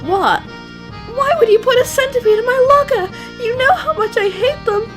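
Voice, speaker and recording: A woman voicing an upset young ragdoll woman in a dating game, with shrill, loud, indignant delivery. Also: animated, normal speed, faint music behind. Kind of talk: reading a dating game aloud in character.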